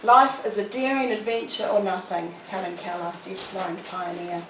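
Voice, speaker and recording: A woman's voice: medium pitch, steady tone, moderate pace, a bit bright, slight background noise. A middle-aged woman, giving a humorous, self-deprecating storytelling talk to an audience. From New Zealand. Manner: humorous, self-deprecating anecdotes with acted quotes. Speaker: motivational speaker. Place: public library talk room. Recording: echoey room, mic from a distance.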